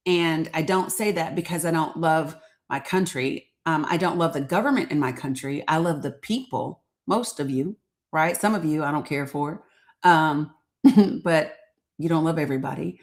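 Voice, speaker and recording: A woman's voice: deep voice, moderate pace. An American woman hosting a casual live stream, talking in a candid, outspoken, conversational way. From United States. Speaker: livestream host.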